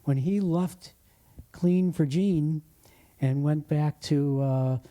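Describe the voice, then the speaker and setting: Dark-voiced older man, halting host. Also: fairly high pitch. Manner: halting, frequent "uh" fillers. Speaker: interviewer, bookshop host. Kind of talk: conversational interview.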